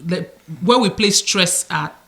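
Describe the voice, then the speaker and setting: Expressive Nigerian woman podcaster. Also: fairly low pitch, slow. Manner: expressive, acts out quotes. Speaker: podcast co-host. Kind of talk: casual storytelling chat.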